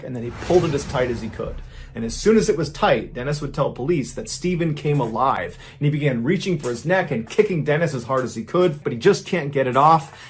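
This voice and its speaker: A man narrating a true crime story in a measured, grave storytelling manner, acting out the quoted lines. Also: mid-range voice, a little hiss or hum.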